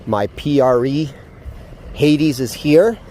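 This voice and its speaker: A man vlogging casually outdoors at a horse paddock, excited and chatty, with lots of fillers, filmed on a handheld phone. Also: mid-range voice, slow, a little hiss or hum. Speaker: vlogger, dog trainer. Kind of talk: casual vlog to camera.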